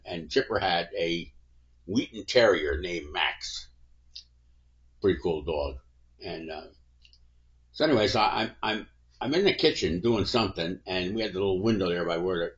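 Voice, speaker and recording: Low-voiced guy telling a rambling old story, kinda muffled lo-fi sound. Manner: folksy and rambling. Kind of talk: casual anecdote telling.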